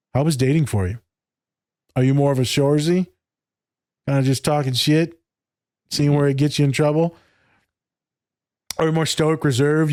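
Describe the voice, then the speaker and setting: A man's voice: medium pitch, a little mellow, no room sound, clean studio sound. A man in casual podcast chat, loose and candid, swearing freely and acting out conversations. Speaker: podcast co-host.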